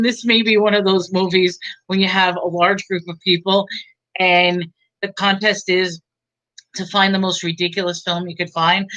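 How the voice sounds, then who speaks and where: A woman's voice: medium pitch, fairly bright tone, highs cut off. A woman giving a casual, rambling movie review, chatty and giggly, with many fillers.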